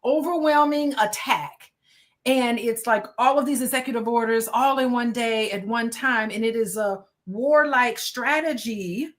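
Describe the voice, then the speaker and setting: A woman speaks as an invited expert on a panel, her voice slightly high. She lays out her points step by step like a lecturer, pausing on fillers as she gathers her thoughts. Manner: measured, lecturing explanation with fillers. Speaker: panel guest, doctor. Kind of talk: explanatory panel talk.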